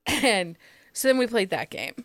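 A woman's voice: medium pitch, big pitch swings, measured pace, a bit bright, dry recording. A chatty woman hosts a casual podcast conversation, talking freely and laughing often. Her voice sits in a middle register and is recorded close and dry, with no room sound. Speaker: podcast host. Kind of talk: casual chat.

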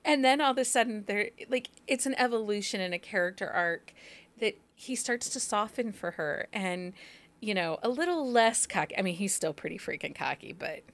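A woman in her forties hosting a podcast interview, chatty and quick to laugh at herself. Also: medium pitch, animated. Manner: chatty, laughs often, self-deprecating. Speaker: podcast host.

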